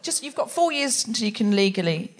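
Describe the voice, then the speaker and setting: A woman's voice: fairly high pitch, big pitch swings, a little fast. A woman co-hosting a live comedy podcast, cutting in with teasing quips. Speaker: co-host. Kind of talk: casual banter. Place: live show in a concert hall.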